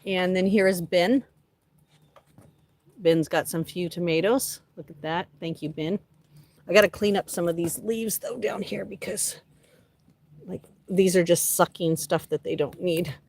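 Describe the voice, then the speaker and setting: A woman's voice: on the low side, unhurried, darkish tone. A woman livestreaming casual chat from her home garden, talking to her plants by name and filming on a handheld phone. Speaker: livestream host.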